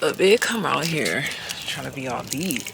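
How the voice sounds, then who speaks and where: A woman's voice: a bass voice, expressive, moderate pace, gravelly, very noisy. A young woman vlogging outdoors at a park into a handheld camera, slangy and swearing freely as she thinks aloud. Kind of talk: casual vlog talk.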